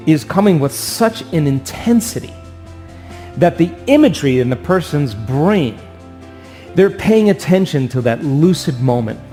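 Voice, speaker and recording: A man giving an animated motivational talk to an audience, acting out voices and asking for agreement. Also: mid-range voice. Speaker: speaker.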